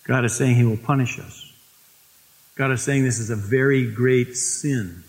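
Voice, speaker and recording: Pastor preaching in a reverberant hall. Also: male voice, medium pitch, fairly even intonation. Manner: storytelling, slows for emphasis on scripture. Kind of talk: sermon. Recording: long reverb of a church hall.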